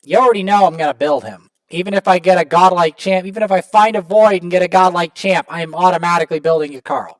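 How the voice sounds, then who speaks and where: A man hosting a gaming channel, casually commenting to viewers as he opens rewards, prone to excited outbursts. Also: high voice, fast talker, hardly any pauses, no echo. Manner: excitable, talks to viewers while opening rewards.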